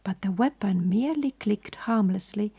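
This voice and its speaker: A woman reading a sleep story in a whispered, slow, hushed voice. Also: medium pitch, slightly rough.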